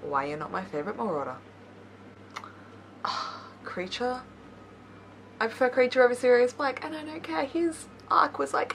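A woman's voice: fairly high pitch, big pitch swings, normal speed, long pauses, fairly bright tone, slight background noise. A young woman YouTuber reading memes aloud with playful commentary, giggling often and teasing herself. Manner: giggly, laughs between lines; playful, self-mocking asides.

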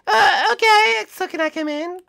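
A man's voice: extremely high pitch, moderate pace, vocal fry, bright, forceful tone, voice pushed up, heavily acted. Kirby, a man doing a chirpy pink blob. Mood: sweet. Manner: sweet, chirpy, eager. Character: cheerful tiny pink blob creature, male.

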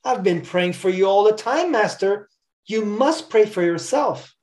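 A man's voice: high-pitched, lively intonation, measured pace, a little mellow, echoey room, voice pushed up. A faithful enslaved preacher speaks with earnest, pleading devotion, as a preacher reads his words aloud. The voice stays close to the reader's own, just a little raised.

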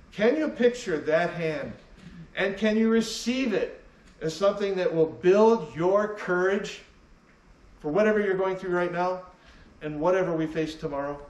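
A man's voice: sits high, expressive, a little slow, a little mellow, roomy sound, far from the mic, poor audio. A man preaching a sermon as pastor, emphatic and repeating key phrases for weight. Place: church sanctuary.

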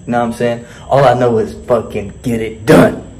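A man's voice: mid-range voice, fairly even intonation, normal speed, darkish tone. A man delivering a motivational vlog monologue as a fitness and mindset coach, boastful and heavily profane, full of swaggering street slang.

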